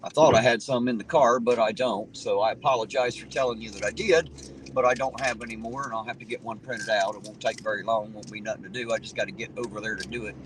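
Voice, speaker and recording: A livestream host chats casually from his car while driving, rambling in a folksy way and reading out viewer comments. His voice is on the low side with fairly even intonation, and he talks fast. Car road noise sits behind his voice.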